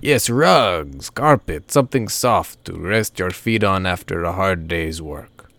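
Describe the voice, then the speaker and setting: A man's voice: low voice, expressive, slow pace, creaky, a bit bright, dry recording, heavily acted. A man voicing a simple-minded, earnest male security chief who asks eager questions.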